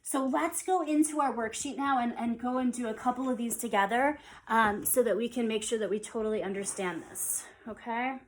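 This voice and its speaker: A woman's voice: a little high, brisk. Woman teaching rhythm, counting beats. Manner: relaxed and conversational, with fillers and restarts. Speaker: music teacher. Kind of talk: online music theory lesson.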